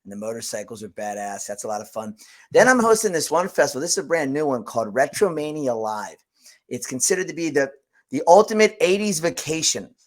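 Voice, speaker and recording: A man's voice: fairly high pitch, lively intonation, a little fast. A man guest on a podcast, talking casually and enthusiastically with slang about hosting festivals and radio. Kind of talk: casual interview chat.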